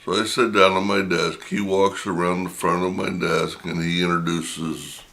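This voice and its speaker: A middle-aged man, slowly telling a personal anecdote in a casual, drawn-out way. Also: deep voice, flat delivery, a bit bright. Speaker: storyteller.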